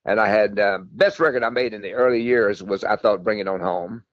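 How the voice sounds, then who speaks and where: Quick-talking older man telling stories. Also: on the low side, no echo, lo-fi sound. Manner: rambling, folksy, repeats himself. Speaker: guest, country singer. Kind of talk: storytelling interview.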